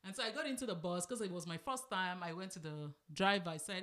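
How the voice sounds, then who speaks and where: A woman with a Nigerian accent, co-hosting a casual chat and telling stories with lively laughter. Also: fairly low pitch, quick pace, few pauses. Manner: animated, laughs often while telling stories. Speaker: podcast co-host.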